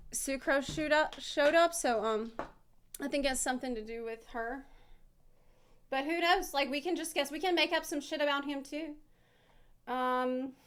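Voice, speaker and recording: Woman streamer, high voice, casual swearing ramble. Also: smooth. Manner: rambling, swearing, self-mocking. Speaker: streamer reacting to a video. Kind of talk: casual reaction chat.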